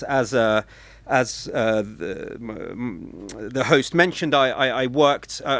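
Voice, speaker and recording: A man's voice: medium pitch, fairly bright tone, no room sound. Guy in his 40s talking about his book, lots of ums and restarts, dry close sound. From Britain. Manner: hesitant, thoughtful, many fillers and restarts. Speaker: author giving a book talk. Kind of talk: talk with readings from his book.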